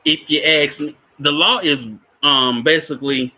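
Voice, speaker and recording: A man's voice: on the high side, steady tone, measured pace, sharp tone. A man giving casual film commentary as a spiritual teacher, rambling with many restarts and frequent chuckles.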